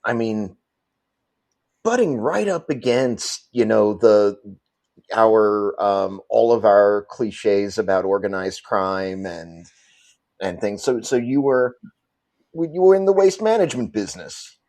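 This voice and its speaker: A man's voice: lowish voice, animated, takes it slowly, darkish tone. A man from New York hosting a podcast interview, often stumbling and repeating words as he starts a thought. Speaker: podcast host. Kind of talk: casual interview.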